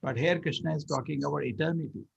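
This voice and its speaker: Male scripture teacher, gravelly and a bit husky, dull lo-fi sound. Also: a little high, quick pace. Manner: chants Sanskrit verses and explains them line by line. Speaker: Bhagavad Gita teacher. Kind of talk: scripture class lecture.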